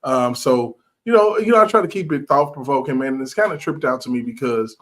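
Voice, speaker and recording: A man's voice: mid-range voice, fairly quick. Male podcast host, casual and profane, acts out the people in his stories. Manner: animated storyteller, acts out quotes, swears freely. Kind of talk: casual chat.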